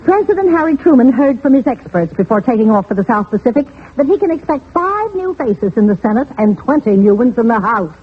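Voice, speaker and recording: A woman hosting and narrating celebrity gossip in a brisk, chatty newsreel style, on a tinny old radio recording. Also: fairly high pitch, sing-song, breathy edge. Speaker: gossip columnist host.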